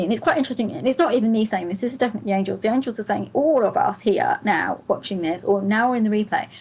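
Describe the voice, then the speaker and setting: A woman's voice: on the high side, rough recording. Chatty woman with a fading voice. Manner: chatty, gushing, laughs often, talks to viewers by name. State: strained, fading voice. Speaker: angel card reader. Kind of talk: live oracle card reading to viewers.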